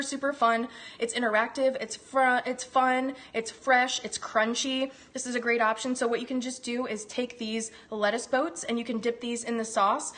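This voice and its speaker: A woman's voice: a little high, a bit bright. Bubbly, gushing woman hosting a cooking demo. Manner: bubbly, gushing and chatty, eats while talking. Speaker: cooking show host. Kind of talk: live cooking demonstration. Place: home kitchen.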